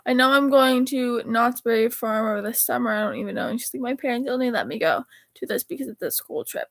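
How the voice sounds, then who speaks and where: A woman's voice: on the high side, animated, fast talker, vocal fry, a bit bright, no room sound. A teenage girl chatting casually, rambling and correcting herself as she reads old text messages aloud. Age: teens. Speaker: vlogger. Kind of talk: casual chat reading texts aloud.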